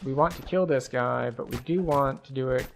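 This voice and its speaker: A man's voice: mid-range voice, normal speed, gravelly, slight background noise. A man streaming a game, giving casual, chatty and analytic commentary with frequent likes.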